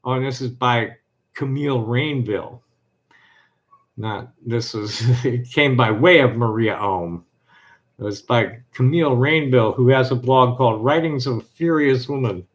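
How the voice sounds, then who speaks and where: A man hosting a live stream reads a text aloud in a steady, rhythmic list cadence, then shifts to loose chatting with restarts. His voice is medium-pitched and his pace moderate.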